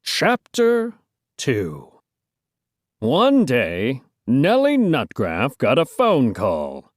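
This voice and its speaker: Lady reading a kids' story aloud, slow and super sing-song, dry close sound. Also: rumbling low, huge pitch swings, no room sound. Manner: playful, joking asides to listeners. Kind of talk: children's storybook read-aloud.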